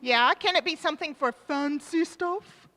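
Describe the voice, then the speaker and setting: A woman leading a children's time in a church service, asking the children questions and warmly repeating their answers, speaking into a microphone in the sanctuary. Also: high-pitched, normal speed. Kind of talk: interactive children's talk with questions. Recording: reverberant church hall.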